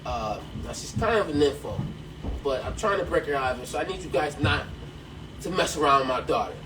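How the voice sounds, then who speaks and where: A man putting on the voice of a stern middle-aged farmer who makes threats in a lowered, gruff tone, during a joke on a podcast. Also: expressive, brisk, lightly acted. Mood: menacing. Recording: distant mic, faint background noise.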